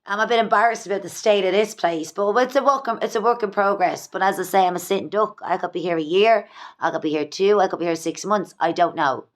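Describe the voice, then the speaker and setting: An Irish woman vlogging from home, talking fast and candidly in a rambling, repetitive way. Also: mid-range voice. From Ireland. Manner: rambling, fast, repeats herself. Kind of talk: candid confessional vlog. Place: at home in her own small place.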